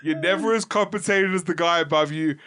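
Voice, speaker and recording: A man's voice: a little high, a little fast, background noise. A man playing a tabletop game who talks in an emphatic, dismissive way. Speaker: player.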